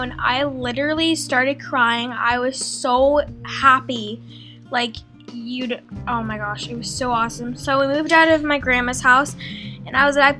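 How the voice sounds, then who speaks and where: A woman's voice: sits high, fairly even intonation, moderate pace, pushed and bright. A teenage girl telling her life story as a vlog voice-over, chatty and loose, with lots of likes and ums, acting out the things she said back then. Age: teens. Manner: chatty, full of likes and ums, acts out her own quotes. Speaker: beauty vlogger. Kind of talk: draw-my-life voice-over narration. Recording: faint music underneath.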